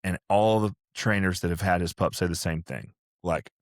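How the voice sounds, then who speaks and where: A man with a deep, low voice talks shop as a dog trainer in a relaxed podcast conversation. He rambles and restarts, with plenty of fillers. The sound is close and dry, with no room around it. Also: moderate pace, few pauses, no room sound. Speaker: retriever trainer and kennel owner.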